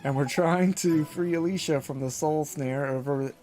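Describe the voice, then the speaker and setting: A man's voice: on the high side, normal speed, dark tone, close to an everyday voice. A man voicing a cheeky small male fairy sidekick with a Welsh accent, chatty and sing-song with lots of tag questions. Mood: explaining. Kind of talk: reading game dialogue aloud.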